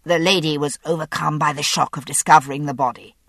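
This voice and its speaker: A cool, ironic gentleman as a woman narrator gives him voice answers with unruffled poise. The read is low-pitched, and the recording is dry and close. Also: steady tone, fairly quick, vocal fry, no room sound, heavily acted. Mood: composed. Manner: self-possessed, ironic. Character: composed, ironic male governor, dry wit. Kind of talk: audiobook character voice.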